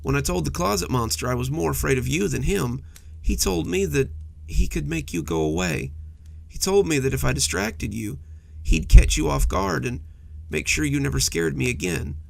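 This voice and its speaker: A man's voice: a little high, sing-song, moderate pace, vocal fry, heavily acted. A man voicing a frightened little monster boy who hides under a bed. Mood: apologetic. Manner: timid, stammering, fearful.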